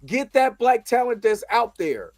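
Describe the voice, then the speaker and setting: A man's voice: very high-pitched, very animated, measured pace, no room sound. A man hosting his own show, ranting casually with lots of repetition. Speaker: show host. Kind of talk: casual commentary.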